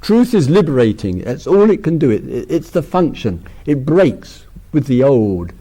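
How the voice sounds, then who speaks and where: A man's voice: medium pitch, very animated, normal speed, mellow. A man giving a casual spiritual talk, rambling with frequent restarts and laughter. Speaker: spiritual teacher.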